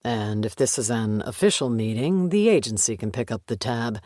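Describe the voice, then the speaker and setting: A man voicing a forty-something retired FBI agent, speaking slow, low and sardonic. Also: animated, warm tone, dry recording, clean studio sound, lightly acted. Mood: guarded.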